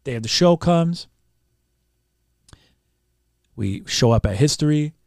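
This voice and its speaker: A man's voice: fairly high pitch, slow pace, no echo, studio quality. A man from Canada, a podcast guest, telling a story casually, swearing often and acting out what other people said. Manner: animated, swears freely, acts out what others said. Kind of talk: casual storytelling with quoted dialogue.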